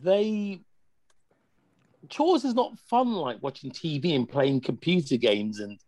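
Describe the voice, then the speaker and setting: A man gives parenting advice in a measured, explanatory way, pausing on small hesitations. His voice sits a little high for a man. The sound is dry and close. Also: big pitch swings, a little mellow, dry recording. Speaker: guest, family worker. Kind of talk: casual panel chat, advice.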